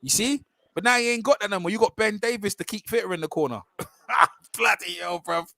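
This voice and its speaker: A man calling a boxing match live as it unfolds, his voice pitched high and his words tumbling out at speed. He chatters over his co-host in a slangy, animated style. The sound is dry and close, with no room around him. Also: a little fast, no echo. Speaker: host of a live fight watch-along. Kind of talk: excited live fight commentary chat.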